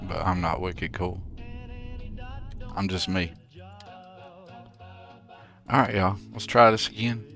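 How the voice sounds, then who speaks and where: A man with a very low voice talks through a live gameplay stream. He rambles easily and good-humoredly to his chat, keeping things relaxed. Soft music plays quietly behind him. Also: takes it slowly, long pauses. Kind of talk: casual live gameplay commentary.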